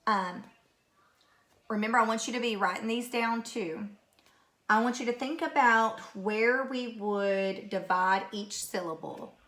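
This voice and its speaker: A woman teacher speaks slowly and patiently, repeating each word for young pupils in a recorded phonics lesson. Her voice is bright and clear. She keeps an unhurried pace. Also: on the high side. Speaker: third grade teacher.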